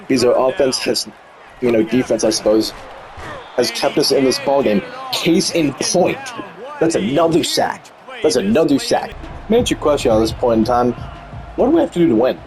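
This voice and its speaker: A man's voice: mid-range voice, sing-song, normal speed, over music, rough recording. A man giving live commentary over his own football video game, exasperated, self-mocking and pleading with the players. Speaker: gaming commentator.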